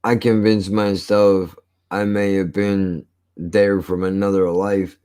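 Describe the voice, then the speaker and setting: A man hosting a casual chat, talking in a blunt, profane and cynical way, his voice rough from years of smoking. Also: low-pitched, little pitch movement, slow pace, dark tone, no echo. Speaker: host.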